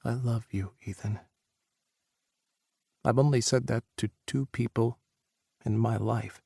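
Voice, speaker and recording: A steady, earnest leader who speaks calmly and directly, as a male narrator voices him. His voice carries a gravelly grain. The sound is close and dry. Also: medium pitch, measured pace, no echo. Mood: tender.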